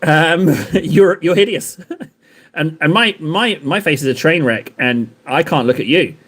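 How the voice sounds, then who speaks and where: A man's voice: fairly high pitch, unhurried, a bit bright. A man streaming while he paints miniatures, chatting and joking with his viewers in a rambling way. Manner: joking, rambling banter with chat.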